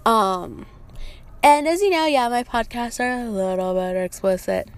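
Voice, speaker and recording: A young woman hosts a casual podcast in a slightly high voice. She tells stories in an animated, profane way, acting out both sides of each exchange. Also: a little slow. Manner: profane, animated storytelling with quoted back-and-forth. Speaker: podcast host.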